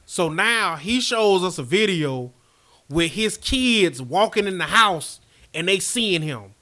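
Bright-voiced animated man with drawl. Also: sits high, slow. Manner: animated, emphatic, playfully indignant. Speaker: podcast co-host. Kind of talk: casual sports podcast banter.

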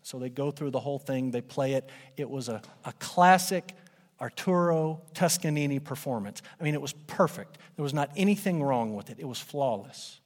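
A man preaching a sermon, emphatic, swinging between loud declarations and hushed, low lines. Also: lively intonation, normal speed. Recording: long hall reverb.

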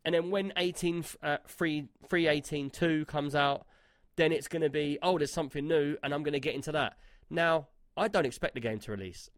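Chatty gaming podcast host. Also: male voice, a little high, normal speed, fairly bright tone, no room sound, studio quality. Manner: chatty, rambling with fillers and restarts. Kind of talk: casual gaming podcast chat.

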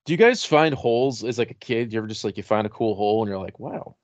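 A man on a comedy podcast riffs and jokes through a casual chat, his mid-pitched voice swinging widely as he talks. The recording is close and dry. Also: animated, fast talker, dry recording, lo-fi sound. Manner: joking, riffing with hypothetical scenarios. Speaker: podcast co-host.

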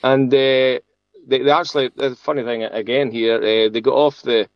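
A man's voice: mid-range voice, flat delivery, clear, resonant tone, dry recording, dull audio. A man, a sheep farmer being interviewed, telling a long story casually with many restarts and laughs. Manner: chatty, halting, laughs often, many restarts.

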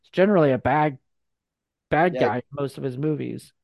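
Gravelly man telling rambling stories. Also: mid-range voice, normal speed, no room sound, lo-fi sound. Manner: rambling storyteller, heavy fillers and restarts. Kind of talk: casual chat.

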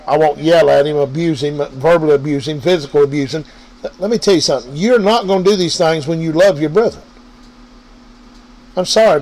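A preacher with a slightly high, darkish voice gives an informal sermon into an online radio or podcast mic, and the recording is rough. Preachy and repetitive, he speaks straight to his listeners and hammers each point home by saying it again.

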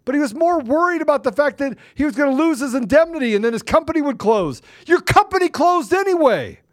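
An agitated man, a guest on a talk show, ranting angrily and forcefully, often repeating himself. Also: very high voice, animated, fast talker. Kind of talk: heated political rant.

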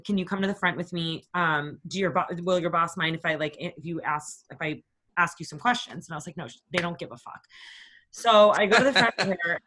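A woman in her twenties, co-hosting a podcast, telling stories in a casual, profane, animated way. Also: lowish voice. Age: 20s. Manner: profane, animated storytelling with quoted voices. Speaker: podcast co-host. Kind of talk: casual storytelling chat.

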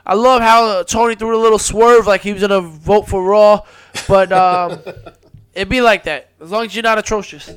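A man hosting a casual chat show, joking and teasing in an animated way. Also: high voice, normal speed, clean tone. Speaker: podcast host.

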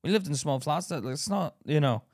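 A young man chats on a podcast, blunt and sweary, breaking into laughter at his own tales. His voice sits a little high. He is recorded close and dry on a podcast mic. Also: lively intonation, a little fast, a little mellow, no echo. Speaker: podcast co-host. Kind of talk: casual chat.

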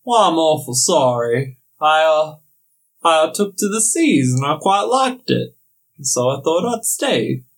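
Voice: medium pitch, very animated, a little slow. A game master voicing a boastful pirate father who ran off to sea, in a folksy old-timey drawl. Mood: rambling.

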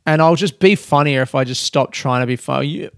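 A man's voice: fairly high pitch, a little fast, creaky, a bit bright, smooth, no echo, studio quality. A man hosting a casual solo podcast from his room, rambling, joking at his own expense and swearing freely. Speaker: podcast host and comedian. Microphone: desk podcast mic.

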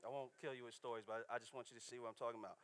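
A man's voice: mid-range voice, flat delivery, racing, a bit bright. A man preaching a casual, story-driven sermon in church, constantly checking in with the congregation. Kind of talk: conversational sermon with stories.

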